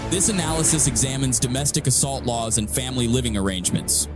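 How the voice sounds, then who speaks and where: A man reads a scripted case summary in an even, formal tone. Loud background music plays under his voice. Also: mid-range voice, fast. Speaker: narrator. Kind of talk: scripted narration.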